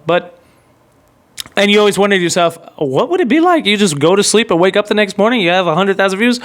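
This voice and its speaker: A man with a high, smooth, ringing voice talks as the host of his own show. He rambles through a story with eager excitement, tossing in casual fillers and slang as he goes. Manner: excitable, rambling, heavy use of "like" and "bro". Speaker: podcast host.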